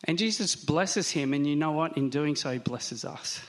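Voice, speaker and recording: A man giving a sermon, talking it through conversationally and slowing down to stress key words. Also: fairly high pitch. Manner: conversational, reflective, with slow emphatic stresses. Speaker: pastor.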